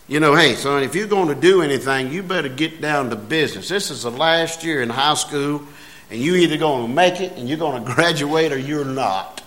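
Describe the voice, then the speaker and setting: A man delivers a sermon. His voice sits a little high, and his homespun, conversational storytelling climbs into emphatic preaching. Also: normal speed, a bit bright. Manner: folksy, rising to emphatic preaching.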